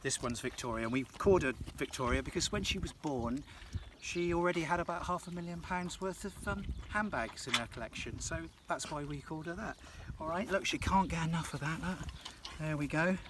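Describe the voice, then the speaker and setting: A man's voice: a little high, brisk, few pauses. A man in his thirties giving a chatty, jokey casual tour of farm fields outdoors. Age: 30s. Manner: jokey and chatty, teasing asides. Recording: distant outdoor recording with field noise.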